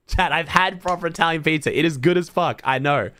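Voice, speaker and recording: A man's voice: fairly high pitch, moderate pace, bright, forceful tone, dry recording. An Australian man streaming to his chat, thinking aloud in blunt, casual talk full of swearing. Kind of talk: casual livestream chat to viewers.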